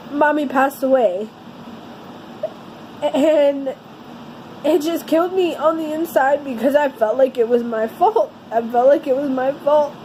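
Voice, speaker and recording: A woman with a high voice recounts a personal story for her vlog. She speaks earnestly and heavily, stumbling and restarting her sentences as she goes. A faint hum of noise sits behind her. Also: darkish tone, rough recording. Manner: halting and earnest, with many restarts; somber, heavy-hearted telling. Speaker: vlogger.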